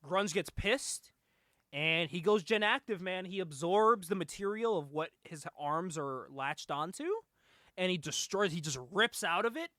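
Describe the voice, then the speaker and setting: High, bright-voiced man recapping excitedly. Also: a little slow, dry recording, studio quality. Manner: animated storytelling, laughs often, acts out lines. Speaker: podcast host. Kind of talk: casual chat recapping a movie.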